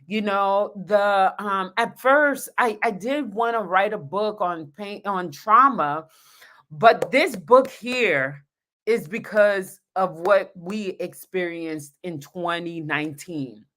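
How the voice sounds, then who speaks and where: Slow, earnest woman reading aloud. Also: mid-range voice, a bit bright. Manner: earnest, heartfelt, talks to viewers directly. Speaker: pastor. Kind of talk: livestream reading from her own book.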